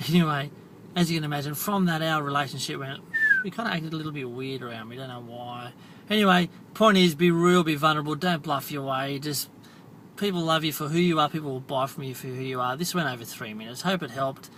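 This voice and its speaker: Man, middle-aged, casual vlog storytelling, self-deprecating, fillers, bright tone, faint background noise. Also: on the high side, fairly quick. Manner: chatty, self-deprecating, many fillers and tag questions. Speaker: marketing and copywriting vlogger. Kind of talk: casual talk to camera, telling a personal story.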